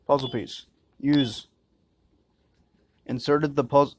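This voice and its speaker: A man's voice: mid-range voice, moderate pace, pauses often, a little mellow, a little hiss or hum. A man doing crude, joking commentary while playing a horror game, muttering and swearing to himself. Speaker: let's-play gamer.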